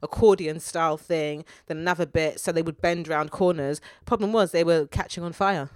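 A woman's voice: low-pitched, moderate pace, dry recording, studio quality. A woman, co-hosting a podcast in casual, swearing chat. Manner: chatty, swearing, laughing. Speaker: podcast co-host.

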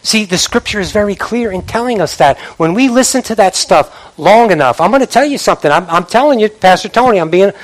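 A man preaches a sermon in a notably high voice. He is animated and repeats words for emphasis, and he now and then mimics the empty chatter he warns about. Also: brisk, few pauses. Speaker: pastor.

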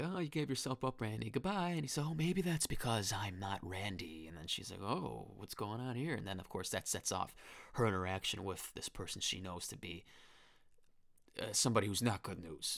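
In clean studio sound with no room reverb, a man in his twenties talks through a horror film on his podcast. His low-pitched, gravelly voice is a bit bright, and he's eager and rambling, often restarting and quoting lines.

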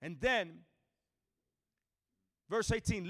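A man preaching a sermon to a church, swinging from shouted exhortation to hushed, near-whispered storytelling. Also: mid-range voice, sing-song, unhurried.

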